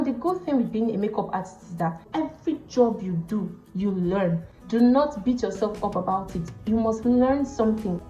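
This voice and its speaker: A young Nigerian woman vlogger telling stories about her work as a makeup artist, with a Nigerian accent and an animated manner, acting out the people in her stories. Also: medium pitch. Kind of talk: storytelling chat to camera. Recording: roomy, slightly dull sound with faint music behind.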